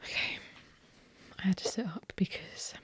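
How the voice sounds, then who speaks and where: A woman in a whispered ASMR chat who rambles with many fillers and slips in and out of put-on regional accents. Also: normal speed. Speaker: ASMR host. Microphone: stereo ear-to-ear ASMR mic.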